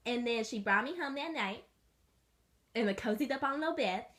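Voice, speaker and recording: Young woman, comic storyteller, deadpan and rambling, bright, lively delivery. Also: fairly high pitch, brisk. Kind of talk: comic first-person narration as a pet dog.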